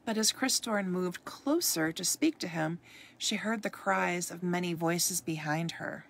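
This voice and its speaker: Gravelly, low-voiced woman reading a story. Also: a little slow, slight background noise. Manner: expressive read-aloud, occasional stumbles. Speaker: storybook reader. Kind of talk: reading a ghost story aloud.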